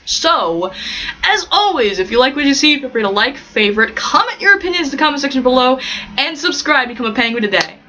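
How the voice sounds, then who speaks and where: A woman's voice: high-pitched, expressive, a little fast, sharp tone, dull audio. A woman from the United States telling childhood stories to camera in a vlog, laughing often and acting out the voices of people in them. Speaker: vlogger. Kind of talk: casual storytelling to camera.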